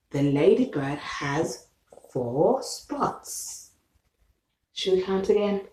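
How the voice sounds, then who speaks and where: A woman's voice: fairly low pitch, animated, extremely slow, mellow. A woman reading a children's picture book aloud, patiently naming animals, asking questions and counting with the child. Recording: echoey room.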